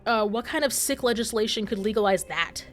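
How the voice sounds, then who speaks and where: A woman's voice: on the high side, a little fast, fairly bright tone, close to an everyday voice. A woman reading the lines of a defiant young agent in a game, indignant and demanding, over faint game music. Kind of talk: reading game dialogue aloud.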